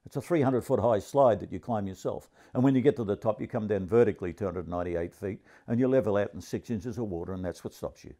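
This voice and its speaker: A man in his seventies with an Australian accent, telling a crude, grumpy stand-up comedy story in a deadpan way. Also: on the low side, quick pace, hardly any pauses. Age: 70s.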